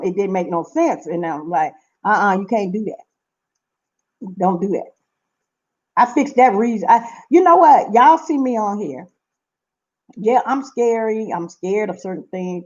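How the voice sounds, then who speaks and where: A woman's voice: mid-range voice, darkish tone, lo-fi sound. A middle-aged woman from Seattle telling stories to camera in a casual vlog, talking emphatically and repeating herself. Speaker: vlogger.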